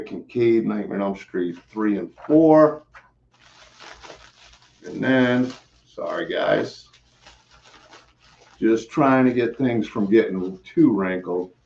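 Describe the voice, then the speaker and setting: A man hosts a home live stream in a loose, rambling way, stumbling over fillers and doubling back on his words. His voice sits at an ordinary middle pitch, and he sounds a little winded. The audio is slightly dull and lo-fi. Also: creaky, darkish tone. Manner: rambling, repeats himself, many fillers. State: out of breath. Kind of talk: casual live stream chat.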